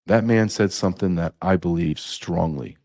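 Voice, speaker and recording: A man's voice: deep voice, normal speed, a little mellow. A middle-aged man hosting a podcast, delivering an angry, profane monologue full of rhetorical questions. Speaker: podcast host. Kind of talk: impassioned monologue.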